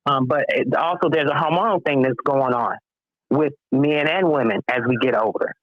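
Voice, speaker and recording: A middle-aged woman with a Chicago accent calls in and speaks frankly and thoughtfully, pausing often on fillers. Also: a bass voice, dry recording. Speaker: caller. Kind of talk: casual chat. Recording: muffled phone line.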